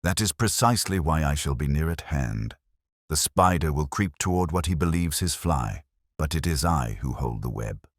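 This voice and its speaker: A man's voice: extremely low pitch, lively intonation, normal speed, dry recording, studio quality. A man doing a cool, commanding detective. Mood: scheming. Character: shrewd, cool-headed male detective.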